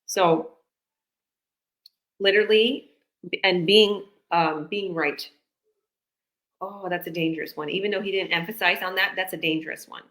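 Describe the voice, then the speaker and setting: A woman's voice: lowish voice, steady tone, normal speed, pauses often, a bit bright. A woman business coach from Canada chatting casually on a live video call, rambling and acting out conversations. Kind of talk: casual live-stream chat.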